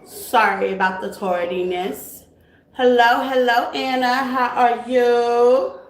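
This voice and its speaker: A woman with a fairly high voice hosts a casual live stream and talks slowly and unhurried. She calls her viewers baby and honey. The room is echoey, with a faint hiss behind her. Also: steady tone. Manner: warm greetings to viewers, affectionate terms like baby and honey. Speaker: tarot reader hosting a live stream.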